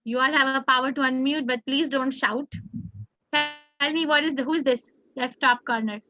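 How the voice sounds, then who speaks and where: A woman with an Indian English accent teaching a scripture class online, reading verses slowly and then quizzing her students. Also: sits high, fairly even intonation, sharp tone, highs cut off.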